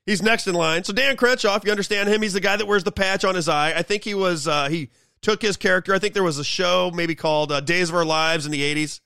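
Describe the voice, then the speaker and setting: Brief: male show host, sarcastic political rant, high gravelly voice, dry close sound. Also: quick pace, pushed and bright, dry recording. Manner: sarcastic, mocking. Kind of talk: political commentary monologue.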